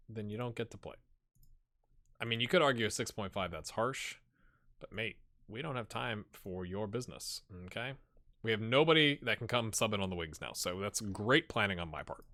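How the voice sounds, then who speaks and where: A man with a lowish but very bright, forceful voice, commentating on a football management game for his channel. He chats casually and slangily to the players on screen. He swings between loud excited cheering and muttered asides. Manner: excitable, talks to players in the game, loud outbursts when goals come; slangy and joking, trails off into mumbles. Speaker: gaming channel host. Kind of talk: let's-play game commentary.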